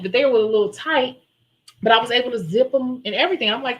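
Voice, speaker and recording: A woman who runs a nail-tech channel, chatting casually on a live stream and telling a story in an animated way. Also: a little high, quick pace, poor audio. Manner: chatty, animated storyteller who acts out her own quotes.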